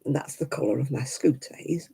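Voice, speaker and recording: A woman's voice: extremely low pitch, brisk, vocal fry, warm tone, slightly rough, whispered. An older woman chatting casually with viewers on a crafting livestream, rambling and laughing often. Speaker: livestream host. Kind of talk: casual live-chat crafting stream.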